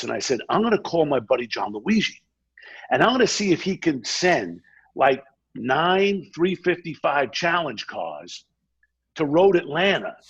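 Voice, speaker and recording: Brief: middle-aged man, gravelly husky voice, pitched a bit high, animated storyteller, dull lo-fi podcast sound. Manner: fast, energetic anecdote-telling with quoted asides. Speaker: podcast guest.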